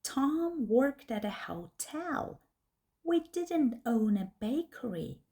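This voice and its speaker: A woman narrating a first-person story slowly and deliberately for English learners. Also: high voice, sing-song, dark tone. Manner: slow, clear, deliberate reading.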